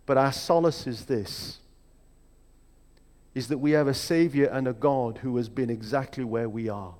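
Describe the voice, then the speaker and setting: A man preaching a sermon in a reflective, measured way, with emphatic rhetorical questions. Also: medium pitch, darkish tone. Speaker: pastor. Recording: long hall reverb.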